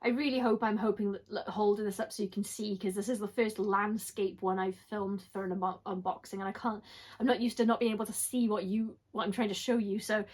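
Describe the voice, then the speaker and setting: A woman's voice: mid-range voice, steady tone, brisk, a little mellow, husky. A young woman chatting casually through a book box unboxing. She rambles, apologises often and jokes at her own expense. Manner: chatty, apologetic, self-deprecating. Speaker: book vlogger.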